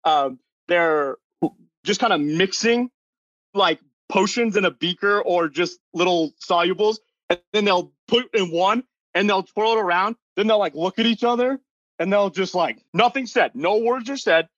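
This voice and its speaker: A young man chatting in a rambling, amused way on a casual podcast, his voice a touch higher than most men's. The recording is dull and lo-fi, and the voice sounds dry and close. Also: moderate pace, fairly bright tone, dry recording. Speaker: podcast panelist. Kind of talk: casual chat.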